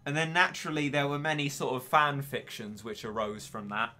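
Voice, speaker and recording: A man's voice: medium pitch, a little fast, sharp tone, soft background music. A young man in his late teens chatting casually and wryly on a game stream, poking fun at himself. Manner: chatty, wry and self-mocking. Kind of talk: casual gaming stream chat.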